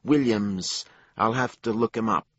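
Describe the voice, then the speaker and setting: Man doing a brisk female hospital administrator. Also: fairly low pitch, no echo, lo-fi sound, pitched above the performer's own voice. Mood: helpful. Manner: clipped, businesslike. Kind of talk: audiobook character voice.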